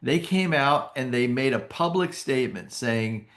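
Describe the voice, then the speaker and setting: A man giving an enthusiastic sales pitch on an opportunity call, often restarting and correcting his phrases. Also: animated, a little slow, few pauses, fairly bright tone. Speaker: company presenter pitching annuity sales.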